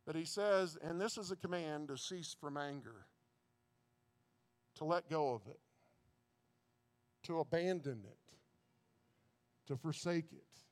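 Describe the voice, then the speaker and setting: A man's voice: fairly high pitch, takes it slowly, long pauses. A man preaching a sermon who stumbles and repeats words, building into fervent preaching.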